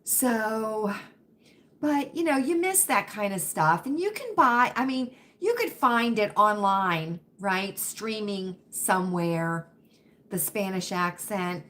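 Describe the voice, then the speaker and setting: A woman's voice: medium pitch, expressive, slow pace, a bit bright. A woman from Virginia with a faint Southern accent, hosting a casual livestream and chatting with viewers, often checking in with "right?" and "you know what I mean?". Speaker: livestream host reading chat.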